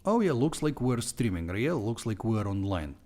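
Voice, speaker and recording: A man with a heavy Russian accent, a Russian native speaker, walking through his course on a live stream in a playful, animated way. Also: fairly low pitch, moderate pace. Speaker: online language teacher.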